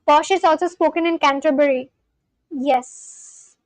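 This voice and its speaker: High-voiced woman chatting on a livestream. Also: a little slow, no echo, poor audio. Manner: rambling, reads chat aloud and answers it. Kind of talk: casual live-stream chat.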